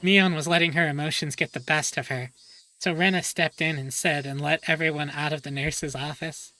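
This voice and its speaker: A woman's voice: low voice, fairly even intonation, moderate pace, bright, forceful tone. A woman streamer reading a visual novel aloud with joking asides.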